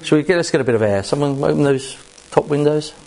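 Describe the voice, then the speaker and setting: A man preaching a sermon to a congregation, emphatic and animated, with rhetorical questions and asides to the room. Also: fairly high pitch, fast talker, creaky, a little hiss or hum. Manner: jokes directly with the congregation.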